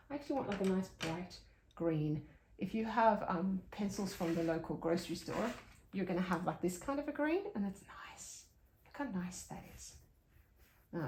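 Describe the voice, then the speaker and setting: A chatty woman teaching drawing, her voice rising and falling in lively swings as she talks through each step. She muses aloud and laughs easily, heard in an echoey room. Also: medium pitch, vocal fry, slight background noise. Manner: chatty, reflective, laughs often, talks to viewer while drawing. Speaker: art tutor. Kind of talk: casual drawing tutorial.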